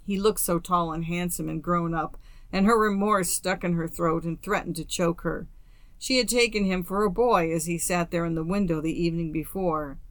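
A woman reading a classic story aloud as an audiobook narrator, in a steady, measured way. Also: on the low side, no echo. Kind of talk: scripted narration.

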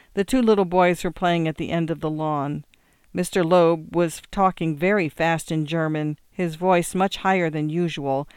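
A reader giving measured, scripted narration of a novel. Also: mid-range voice, clear, resonant tone, no room sound, clean studio sound. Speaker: audiobook reader.

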